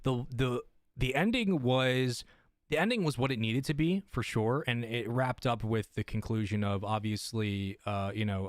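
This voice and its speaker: A man co-hosting a casual podcast chat, excitedly acting out his own reactions. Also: medium pitch, no room sound, studio quality. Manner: excited, acts out reactions in a raised voice. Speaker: podcast co-host.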